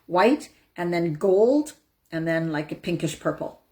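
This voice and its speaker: Soothing coach woman, slightly low voice. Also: lively intonation, measured pace. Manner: soothing, demonstrates breathing out with loud whooshing sighs. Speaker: empowerment coach hosting a live session. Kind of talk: casual live-stream teaching.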